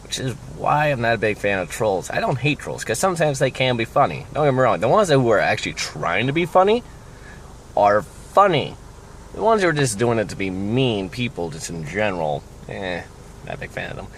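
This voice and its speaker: A man's voice: medium pitch, big pitch swings, fairly quick, a little hiss or hum. A young man from the United States ranting casually in a vlog, rambling and sardonic, often trailing off. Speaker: vlogger.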